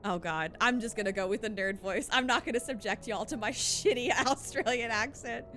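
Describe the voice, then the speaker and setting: A woman streaming a video game, chatting casually with giggles and animated reactions. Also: a little high, brisk, soft background music.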